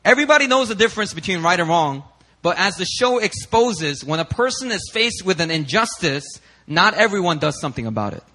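Male pastor, bright and a little high, lively sermon delivery that mimics the people he quotes. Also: brisk, low-quality recording. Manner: animated, acts out quoted people in raised voices.

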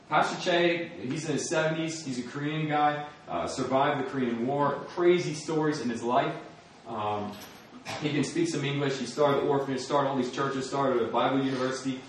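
A man's voice: medium pitch, normal speed, recorded from a distance, slight background noise. Man telling a testimony in an echoey hall. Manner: earnest storytelling with laughs and quoted prayers. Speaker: speaker giving a testimony. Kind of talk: sermon testimony.

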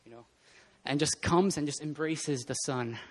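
A man preaching a casual, animated sermon in a church, often laughing and acting out scenes. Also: on the high side, moderate pace. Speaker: pastor. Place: church hall.

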